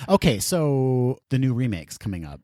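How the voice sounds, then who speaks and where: A man co-hosting a podcast in casual chat, telling animated, self-mocking stories. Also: mid-range voice, normal speed, dry recording, studio quality. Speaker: podcast co-host. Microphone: studio podcast mic.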